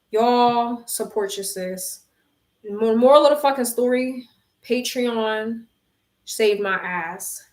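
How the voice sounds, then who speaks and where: A woman's voice: medium pitch, reverberant. A young woman vlogger venting frankly to her phone camera, swearing and addressing her viewers as y'all. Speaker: vlogger and tarot reader.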